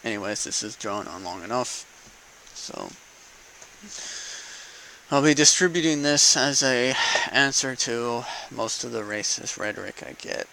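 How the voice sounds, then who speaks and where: A man delivers an unscripted opinion rant to his camera, pressing his points with repeated rhetorical questions. His voice is bright and forceful at a middling pitch. A faint hiss sits under the recording. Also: animated, a little slow, vocal fry, poor audio. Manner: argumentative, repeats rhetorical "okay?" and "right?". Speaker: vlogger speaking to camera. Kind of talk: casual political monologue.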